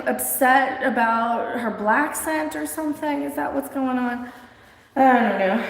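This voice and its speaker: Woman, livestream host, rambling blunt chat, frequent laughter, very echoey room with long reverb. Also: a little high.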